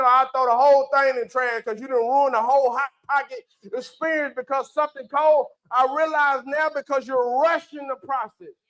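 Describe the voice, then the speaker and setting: A man's voice: very high-pitched, fairly bright tone, low-quality recording. A man preaching a folksy sermon, with call-and-response asides to the congregation. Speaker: pastor. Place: church.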